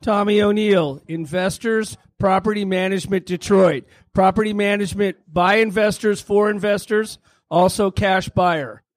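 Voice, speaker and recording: A property manager giving a quick, businesslike self-introduction on a handheld mic at a meeting. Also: male voice, sits high, steady tone, dry recording.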